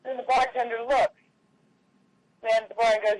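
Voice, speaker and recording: A woman telling a run of jokes at a small comedy show, in a loose, halting storytelling style. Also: fairly high pitch, level tone, a little hiss or hum, poor audio. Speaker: stand-up comic. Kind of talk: telling jokes at an open mic.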